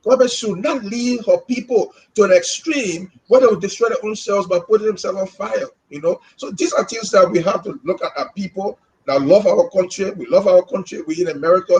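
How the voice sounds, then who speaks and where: A man's voice: high-pitched, a little fast, hardly any pauses, a little mellow, poor audio. A man with a Liberian English accent co-hosting a live podcast, speaking with passion and often repeating words as he gets stirred up. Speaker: co-host.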